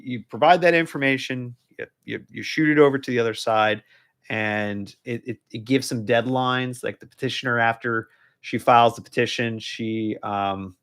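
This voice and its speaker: A man's voice: mid-range voice, fairly bright tone. Casual rambling man live-streaming legal commentary. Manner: casual, rambling, with many fillers and restarts. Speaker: divorce lawyer. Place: law office.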